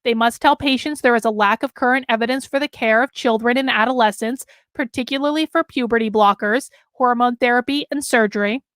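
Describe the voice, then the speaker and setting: A woman's voice: on the high side, a little fast, hardly any pauses, fairly bright tone, dry recording, clean studio sound. A woman hosting a live commentary stream, emphatic and losing her voice, reading out and answering chat. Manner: emphatic, talks with her hands. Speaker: host.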